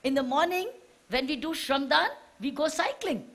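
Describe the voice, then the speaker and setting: High-voiced woman exhorting a crowd. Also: expressive, normal speed, a bit bright. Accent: Indian English. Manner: exhorting, fires repeated rhetorical questions at listeners. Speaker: official addressing students. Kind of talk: public speech to a crowd.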